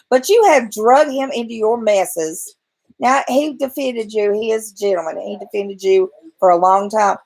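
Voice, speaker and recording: Woman vlogging from bed, blunt sweary rant, kinda high voice. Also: gravelly, rough recording. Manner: blunt, profane, exasperated ranting. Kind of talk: ranting vlog to camera. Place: at home in bed.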